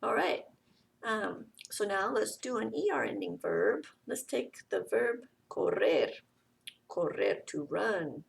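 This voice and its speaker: A woman's voice: mid-range voice, animated, unhurried, vocal fry, recorded from a distance. A woman teaching a Spanish grammar lesson, explaining step by step and often checking in with "okay".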